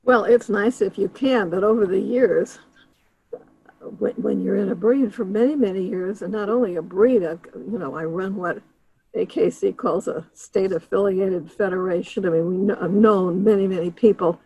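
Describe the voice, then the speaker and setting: A woman's voice: medium pitch, normal speed, creaky, dark tone, breathy edge, rough recording. A woman who runs a dog breed federation, talking in a rambling way and restarting her sentences on a call. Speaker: dog breed club organizer.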